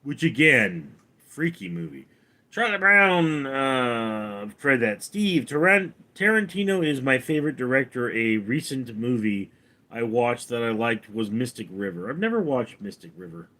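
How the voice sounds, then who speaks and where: A man hosting a casual livestream, reading out viewers' names and comments and answering them, calling the names out louder and higher than his replies. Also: very animated, a little slow. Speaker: streamer reading viewer chat; actor.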